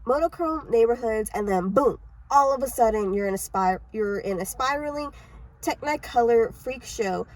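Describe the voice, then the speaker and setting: Halting, mumbly woman reading aloud. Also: fairly high pitch, a little mellow, poor audio. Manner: halting, with frequent coughs and restarts; mumbly, self-described. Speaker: amateur reader. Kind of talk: casual book summary and read-aloud.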